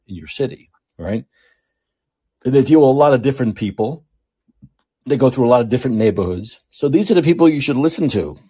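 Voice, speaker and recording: A man's voice: on the low side, warm tone, husky. A man with a New York accent hosting a political commentary monologue, emphatic and repetitive as he restates his points. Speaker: show host.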